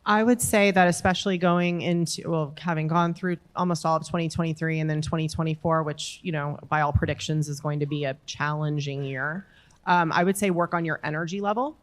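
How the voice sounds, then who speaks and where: A woman's voice: sits low, steady tone, brisk. A woman panelist giving earnest, emphatic motivational advice in a panel discussion. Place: conference room with audience.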